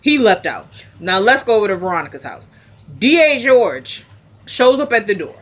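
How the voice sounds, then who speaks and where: A woman's voice: mid-range voice, very animated, normal speed, a bit bright, a little hiss or hum. Chatty woman recapping a TV episode. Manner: retells scenes by acting out the characters' lines. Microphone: self-recorded camera.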